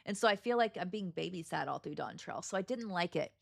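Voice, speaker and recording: A woman's voice: lowish voice, animated, quick pace, gravelly, no echo. A woman chatting casually with her livestream viewers while she plays, greeting them by name. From United States. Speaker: streamer. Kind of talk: casual gaming livestream chat.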